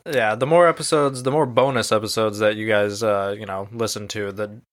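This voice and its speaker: A man co-hosting a podcast in relaxed casual chat, speaking haltingly with fillers. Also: lowish voice. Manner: laid-back, halting, full of fillers. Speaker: podcast co-host.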